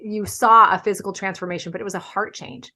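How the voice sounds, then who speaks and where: A woman's voice: medium pitch, steady tone, fast talker, sharp tone. A woman who is a podcast guest, earnestly explaining her views with everyday examples in casual conversation.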